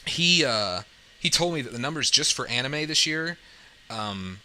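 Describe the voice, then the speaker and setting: A man's voice: medium pitch, lively intonation, unhurried, bright, forceful tone, poor audio. A man hosting a casual podcast, chatty and upbeat, often tagging his sentences with "right?". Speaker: podcast host.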